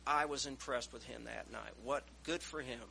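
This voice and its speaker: A man's voice: mid-range voice, normal speed, creaky, bright, forceful tone, a little hiss or hum, rough recording. A man preaching a sermon, telling stories and reading scripture aloud with rising emphasis. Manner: storytelling, raises voice reading scripture.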